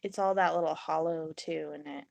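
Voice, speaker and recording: In a dry recording, a young woman with a low, gravelly voice talks at normal speed with a steady tone. During her resin crafting live stream she chats in a loose, rambling way, reading and answering viewers' comments and acting out her reactions in little quotes.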